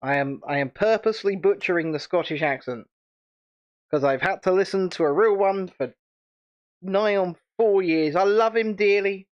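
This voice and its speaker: Chatting loosely on his channel's livestream, a British host from the United Kingdom rambles and laughs a lot. He speaks at a normal speed in a high voice, though the recording is dull.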